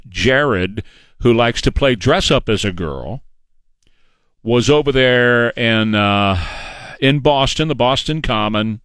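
A man's voice: medium pitch, fairly bright tone, clean tone, no room sound. Opinionated male talk radio host. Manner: opinionated, emphatic, mocking. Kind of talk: political talk radio monologue.

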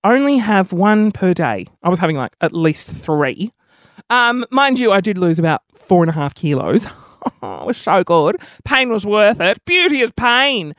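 A man's voice: high voice, very animated, normal speed, no room sound, clean studio sound. A man hosting a podcast, telling self-mocking stories in a chatty, casual way and swearing freely. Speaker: podcast host. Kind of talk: casual comic storytelling.

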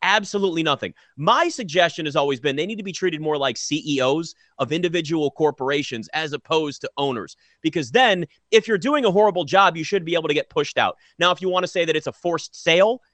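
A man's voice: fairly high pitch, fast, hardly any pauses, a bit bright, no room sound. A man co-hosting a casual sports talk show, ranting emphatically and with exasperation.

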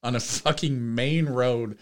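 A young man hosting a podcast, telling a story in casual chat with lots of swearing and loud acted-out quotes. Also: mid-range voice, slow. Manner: animated, profane storytelling with shouted quoted voices. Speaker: podcast host.

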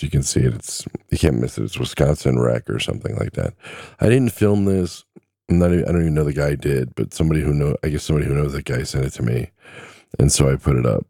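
Middle-aged trucker guy rambling on his podcast, super low gravelly voice, kinda husky. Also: dark tone, dry recording, clean studio sound. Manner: rambling, easygoing, self-deprecating. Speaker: podcast host and truck driver. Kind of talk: casual solo podcast chat.

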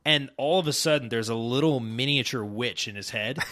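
A man's voice: medium pitch, a little fast. A young man co-hosting a podcast, telling stories and trash talking in casual banter. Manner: animated storytelling, trash talk. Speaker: podcast co-host.

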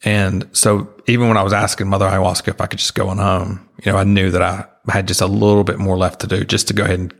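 A man earnestly retelling a personal experience as an interview guest, halting and full of restarts. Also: sits low, little pitch movement, creaky.

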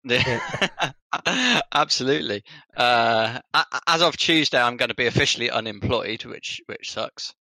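Man, co-host, gravelly, bright, dry sarcastic humor, dry close sound, video call. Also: medium pitch, sing-song, a little slow, no room sound. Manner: dry, sarcastic, laughs often. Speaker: podcast co-host. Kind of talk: casual chat. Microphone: webcam and mic on a video call.

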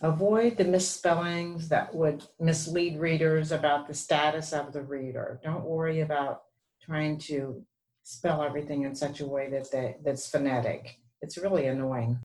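A woman's voice: low-pitched, fairly even intonation, normal speed, darkish tone, reverberant. A woman co-hosting a podcast, explaining writing rules in a conversational teaching manner. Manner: explanatory, gives rules of thumb. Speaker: podcast co-host.

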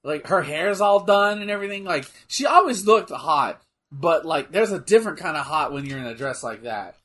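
Excitable high-voiced guy, lively. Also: normal speed. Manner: animated, laughs often, bursts into shouting. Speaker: co-host watching wrestling. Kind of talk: casual chat, reacting to a wrestling match.

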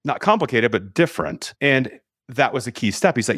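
A man's voice: medium pitch, animated, fairly quick, fairly bright tone, dry recording, studio quality. A middle-aged man, a sales leadership coach, telling a story as a podcast guest and acting out the dialogue with energy.

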